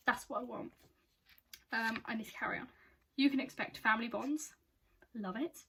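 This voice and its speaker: Twenties girl unboxing books, gushy and self-mocking, slightly high husky voice. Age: 20s. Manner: gushing, self-mocking, quick to squeal with excitement. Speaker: book unboxing vlogger. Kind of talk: excitable casual unboxing chat.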